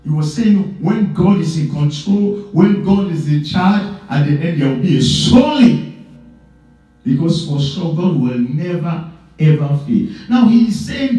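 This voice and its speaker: A man preaching a sermon as pastor, emphatic and repetitive, swinging between loud stresses and low asides. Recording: echoey church hall, mic at a distance.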